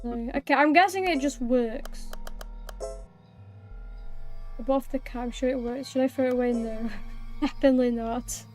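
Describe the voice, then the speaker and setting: A woman's voice: high voice, brisk, a little mellow, soft background music. A woman live-streaming a game, chatting playfully with viewers, thanking them and meowing like a cat. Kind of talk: live-streamed gameplay chat.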